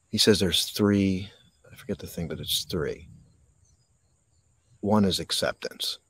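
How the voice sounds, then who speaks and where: A man hosting a live mindfulness podcast from a park, talking slowly and reflectively with dramatic pauses and reading viewer comments. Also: rumbling low, a bit bright, husky, no room sound. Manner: reads and answers viewer comments. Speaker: podcast host. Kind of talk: live-streamed mindfulness talk. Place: outdoors in a park.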